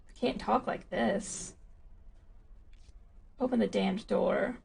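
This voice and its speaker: Calm, coaxing schemer on a ship, read by a woman, deep vocal fry. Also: slow, a little hiss or hum.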